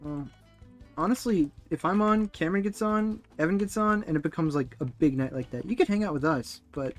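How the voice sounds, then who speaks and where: A young man talks his way through a streaming session in a loose, rambling way and laughs often. His voice sits a little high. Faint music plays under him. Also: a little fast. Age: young adult. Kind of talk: casual chat while 3D modeling.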